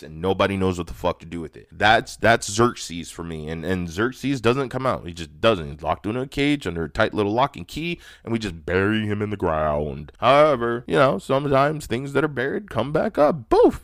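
A man's voice: medium pitch, no echo, clean studio sound. Blunt, profane man in his thirties. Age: 30s. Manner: blunt, profane, emphatic with repeated starts. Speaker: podcast host. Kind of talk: candid personal monologue.

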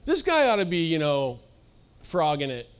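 A man with a high, bright-sounding voice preaches in a loose, conversational way. He is middle-aged and energetic, tossing asides and questions to his listeners as he goes. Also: normal speed, clear, resonant tone. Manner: energetic, conversational, sings snippets and jokes with the audience. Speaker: pastor. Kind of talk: sermon.

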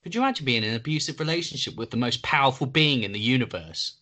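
A man's voice: mid-range voice, expressive, quick pace, bright, forceful tone. A man co-hosting a casual podcast, reacting with sarcastic, incredulous, swearing questions. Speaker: podcast co-host. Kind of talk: casual comedic chat.

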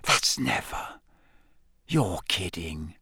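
A man's voice: sits high, big pitch swings, normal speed, a bit bright, dry recording, pitched above the performer's own voice. Audiobook: plain-spoken, disbelieving teenage wizard boy, read by a man, close and dry. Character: blunt teenage schoolboy wizard. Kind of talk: audiobook character voice.

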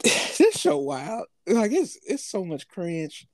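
A man's voice: sits high, huge pitch swings, slow, dry recording. A man co-hosting a podcast, talking loosely in slang and laughing often as he tells stories. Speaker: podcast co-host. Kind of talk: casual chat.

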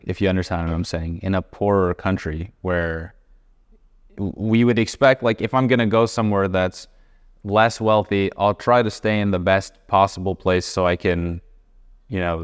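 A man hosting a podcast interview, asking measured, thoughtful questions. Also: deep voice, smooth. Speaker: podcast host.

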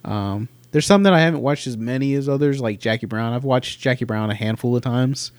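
A man talks films casually with a friend, swearing freely and often trailing off to start his sentences over. His voice is medium-pitched and a little fast, with no echo.

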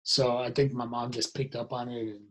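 A young man in a relaxed podcast chat, talking with hesitant restarts. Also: medium pitch, normal speed. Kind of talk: casual chat.

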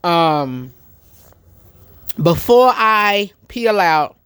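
A man's voice: sits high, animated, drawn-out words, fairly bright tone, clear, resonant tone, no echo, studio quality. A man hosting his own show, chatting casually to his live-stream audience, rambling with many ums and restarts while eating. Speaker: show host. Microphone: phone.

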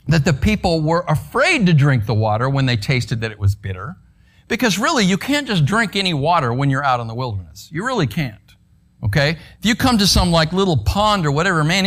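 A man's voice: a little high, a bit bright. A man preaching a conversational sermon in a church, asking the congregation rhetorical questions. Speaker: pastor. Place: church sanctuary.

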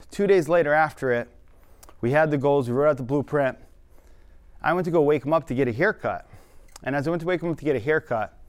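A young man telling his own life story quickly and earnestly, with now and then a self-aware laugh. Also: mid-range voice. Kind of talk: personal storytelling talk.

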